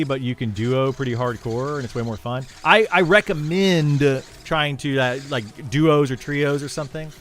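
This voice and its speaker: A man's voice: medium pitch, a bit bright. A young man streaming a game and chatting casually with viewers, rambling with lots of fillers and restarts. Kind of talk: casual livestream chat with viewers.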